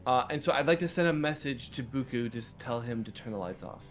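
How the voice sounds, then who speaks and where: A man playing his character in a tabletop game, halting and flustered. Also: medium pitch, animated, faint music behind. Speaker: player. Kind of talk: in-character tabletop role-play.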